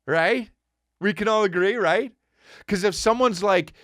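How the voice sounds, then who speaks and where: A man's voice: high-pitched, very animated, measured pace, a bit bright, no room sound, studio quality. A male comedian and podcast host delivering a sarcastic, profane rant, slipping into mocking voices. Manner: sarcastic, swearing, mocking impressions.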